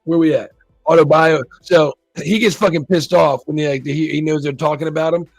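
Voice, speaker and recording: A man's voice: fairly high pitch, steady tone, brisk, gravelly, dry recording, clean studio sound, soft background music. A man giving a loose, rambling, profane recap and review of a TV episode, acting out the characters' lines as he goes. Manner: rambling, swears a lot, acts out quoted lines. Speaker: show reviewer.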